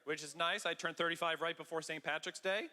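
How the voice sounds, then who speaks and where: High bright man doing stand-up. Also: fairly quick. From Canada. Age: 30s. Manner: loud, excitable, mock-bravado delivery. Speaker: stand-up comedian. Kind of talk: stand-up comedy set. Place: large theater stage. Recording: live stage audio with long hall reverb.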